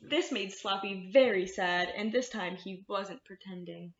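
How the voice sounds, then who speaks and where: A woman's voice: medium pitch, unhurried, few pauses. A woman librarian reading picture books aloud to children, talking to them in a sing-song way. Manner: warm, sing-song, talks to kids. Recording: roomy, slightly dull sound.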